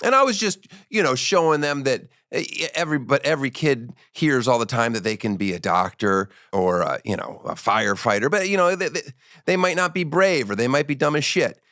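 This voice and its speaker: A man's voice: mid-range voice, a little fast, fairly bright tone, no room sound, studio quality. A man in his forties hosting a podcast, telling stories in a rambling, profane, joking way. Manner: rambling, profane storytelling with restarts. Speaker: podcast host. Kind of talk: casual comedic chat.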